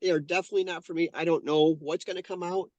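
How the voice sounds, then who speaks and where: A man's voice: fairly high pitch, fairly even intonation, fast talker, a little mellow, dry recording, highs cut off. Fifties guy telling his story in an interview, earnest, keeps restarting sentences, dry close audio. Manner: earnest, heartfelt, lots of self-corrections. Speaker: guest, painter and channeler.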